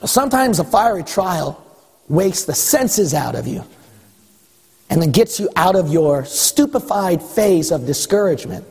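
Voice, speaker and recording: A man delivers a sermon in a high, husky voice, pressing each point and climbing to shouts. His voice carries a long reverberation, as in a church hall. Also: sing-song, measured pace. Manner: emphatic, rising to shouts, acts out voices of God and listeners. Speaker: pastor.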